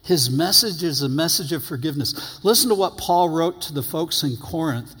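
Male pastor, sermon, emphatic slow stresses, husky, long church reverb. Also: a little high, animated, fairly bright tone. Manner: emphatic, paces phrases slowly for stress. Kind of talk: sermon with scripture reading.

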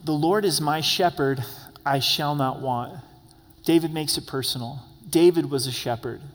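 Man preaching with a high voice. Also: moderate pace. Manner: reads scripture aloud and explains it verse by verse; speaks directly to the congregation with light humor. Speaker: pastor. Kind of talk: sermon. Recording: long echoey hall reverb.

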